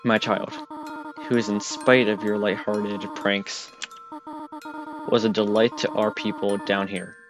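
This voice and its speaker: A man reading the lines of a gentle motherly goat-woman caretaker from a game in his own low voice, formal and unhurried, not doing a voice. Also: level tone. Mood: sorrowful. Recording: game music underneath.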